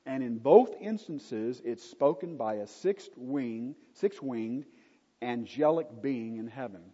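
A man with a mellow, slightly husky voice gives an unhurried Bible lecture, stressing key words and dropping in casual asides. The recording is dull and lo-fi, with a long reverb trailing off the walls of a large hall. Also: mid-range voice, animated. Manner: unhurried, emphatic, with conversational asides. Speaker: Bible teacher.

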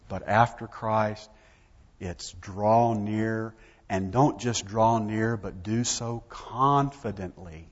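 A man's voice: fairly low pitch, takes it slowly. A man preaching a sermon, emphatic and full of rhetorical questions to his congregation, recorded in a church sanctuary. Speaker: pastor. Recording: dull sound, long hall reverb.

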